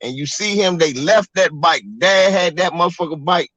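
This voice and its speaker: A man from Maryland telling stories in a casual livestream chat, animated and profane. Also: sits high, normal speed, no room sound, poor audio. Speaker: co-host.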